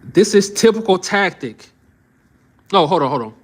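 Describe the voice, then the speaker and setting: Guy going off on a live stream, voice kinda high, heated and preachy, says stuff twice to hammer it in. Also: expressive, normal speed, long pauses, breathy edge. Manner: heated, preachy, repeats himself for emphasis. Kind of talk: reacting to news on a live stream.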